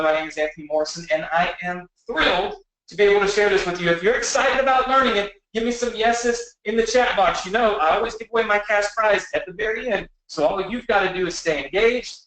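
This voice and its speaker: A man with a high voice presents an online workshop, excited and repeating his words for emphasis. He sounds roomy and somewhat distant from the microphone. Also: fast talker, few pauses. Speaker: webinar presenter. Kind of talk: enthusiastic sales pitch.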